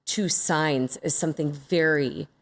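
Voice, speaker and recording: A woman's voice: deep voice, unhurried. A woman hosting a podcast, chatting casually and expressively while trading stories with her guest. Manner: chatty, expressive, reacts readily. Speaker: podcast host. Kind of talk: casual chat.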